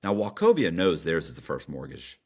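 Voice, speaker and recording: A man's voice: deep voice, wildly swooping pitch, fairly quick, a little mellow. A middle-aged man telling a story as a podcast guest, in a casual, slangy way with many restarts and fillers.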